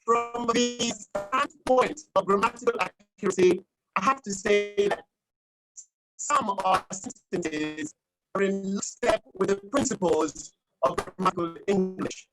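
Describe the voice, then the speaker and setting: A woman giving a formal grammar and pronunciation report over a video call, speaking in a deliberate, pedantic, corrective way. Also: mid-range voice, music in the background, low-quality recording. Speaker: grammarian at a club meeting.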